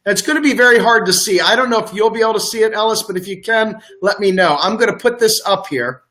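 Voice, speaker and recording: A male host talks in a high, bright, forceful voice. His delivery is chatty and full of small restarts as he brings up material for his guest. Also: quick pace. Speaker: show host. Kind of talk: casual show hosting.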